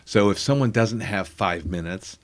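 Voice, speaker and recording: A man's voice: fairly low pitch, moderate pace. A man who is a comedian guest, telling a rambling story in a casual way, with many asides and fillers.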